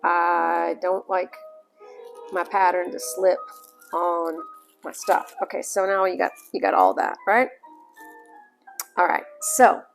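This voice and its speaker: A woman's voice: on the low side, fairly even intonation, slow pace, gravelly, long pauses, faint music behind. A woman with a Southern US accent, chatting her way through a step-by-step sewing tutorial in a folksy manner. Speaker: sewing hobbyist.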